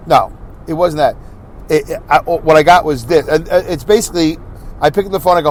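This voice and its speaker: Animated man ranting in a casual monologue. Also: fairly high pitch, a little fast, slight background noise. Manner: animated, rambling storyteller who slips into impressions. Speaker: podcast host.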